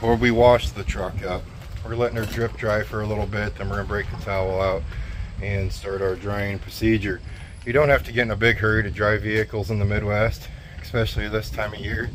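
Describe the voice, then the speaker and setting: A man, a trucking vlogger, chatting casually on a road trip in a rambling, easygoing way with many fillers. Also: on the low side. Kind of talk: casual vlog chat. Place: in and around a pickup, outdoors. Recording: noisy outdoor vehicle recording.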